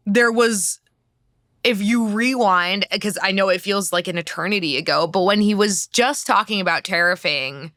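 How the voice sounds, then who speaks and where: An American woman journalist co-hosting a casual political talk show, chatty and animated, full of filler words. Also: mid-range voice, moderate pace, no echo, clean studio sound. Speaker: co-host, journalist.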